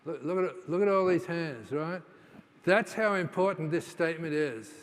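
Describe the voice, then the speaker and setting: A man's voice: on the high side, moderate pace. A man giving a conference keynote, telling stories in a conversational way with many fillers and restarts, now and then acting out what people said. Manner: acts out quoted dialogue in his stories. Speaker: keynote speaker. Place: large conference hall. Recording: long hall reverb.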